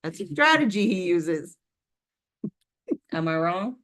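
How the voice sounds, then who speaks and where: A woman's voice: fairly low pitch, very animated, takes it slowly, fairly bright tone. A woman co-hosting a casual couples podcast, talking expressively and playfully, laughing and checking in with her partner. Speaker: co-host, couples coach.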